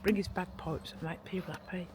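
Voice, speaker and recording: A woman's voice: fairly low pitch, fairly even intonation, fairly quick, background noise. A woman chatting casually to camera outdoors in a rambling, gushing way, speaking a bit oddly because she is cold. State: cold, shivering speech. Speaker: motorhome vlogger. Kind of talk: casual vlog chat to camera. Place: outdoors at a castle.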